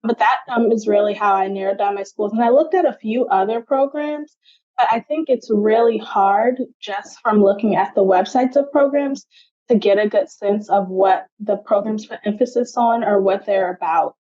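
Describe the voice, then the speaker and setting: A woman's voice: medium pitch, normal speed, dark tone, lo-fi sound. A young adult woman, a genetic counselor, answering interview questions in a chatty way, often saying "like".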